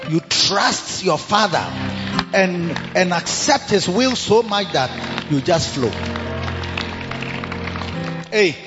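A man with a high voice preaches emphatically in a church service. His words ring with a long reverb, and the recording sounds a little dull, with faint music behind him. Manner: emphatic, rhetorical questions to congregation. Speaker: pastor. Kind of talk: sermon.

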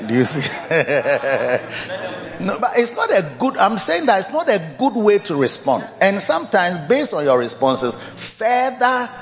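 A man preaching a sermon. He talks in an animated, repetitive way, laughs often and coaxes the listeners to repeat his words. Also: high voice, unhurried. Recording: dull lo-fi sound in a reverberant hall with faint music.

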